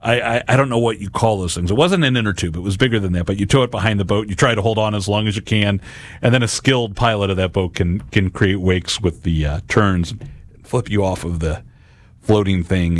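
A man in his forties giving an earnest devotional talk about scripture, often pausing and restarting his sentences. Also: deep voice, no echo. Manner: earnest, halting, with many restarts. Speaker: Catholic speaker.

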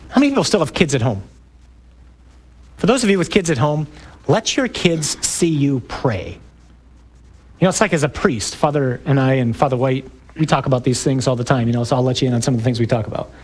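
Emphatic priest with a lively voice. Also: male voice, mid-range voice, husky. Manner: emphatic, rising to loud exclamations. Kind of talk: talk to a parish men's group.

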